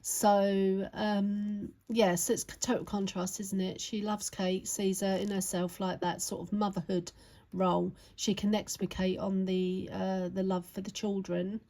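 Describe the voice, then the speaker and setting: Gravelly-voiced woman rambling through a tarot reading. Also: mid-range voice, flat delivery, measured pace, dark tone, poor audio. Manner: rambling, chatty, many fillers and tag questions. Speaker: tarot reader. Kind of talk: casual tarot reading to camera.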